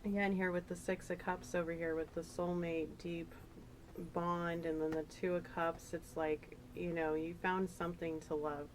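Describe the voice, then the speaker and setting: A woman's voice: fairly low pitch, flat delivery, normal speed, a little hiss or hum, rough recording. A woman giving a casual, emotional tarot reading, chatty and rambling with fillers. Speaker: tarot reader.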